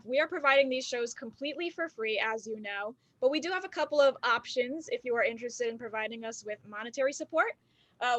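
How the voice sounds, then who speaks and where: A woman's voice: sits high, sharp tone. A woman hosting an online improv show, setting up scenes in a playful mock-earnest way. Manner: mock-earnest, chatty with fillers.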